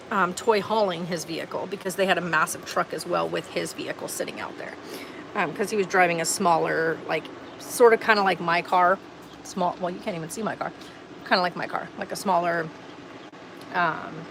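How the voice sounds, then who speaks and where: A woman's voice: lowish voice, normal speed, gravelly, noisy background. A woman vlogging outdoors at an RV park on a phone or camera, telling a story in an earnest, indignant, rambling way with lots of fillers. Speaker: homestead vlogger. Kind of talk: casual storytelling vlog.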